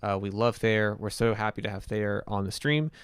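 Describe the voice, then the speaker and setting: Smooth-voiced man hosting a music stream. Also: fairly low pitch, moderate pace, no room sound. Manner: easygoing, rambling with many fillers. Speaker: livestream host and musician. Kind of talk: casual live-stream chat.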